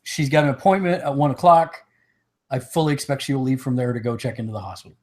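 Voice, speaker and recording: A gaming podcast co-host chats loosely and casually, laughing easily while fighting the hiccups. His voice sits in the mid range, a little mellow, and he talks at a quick pace.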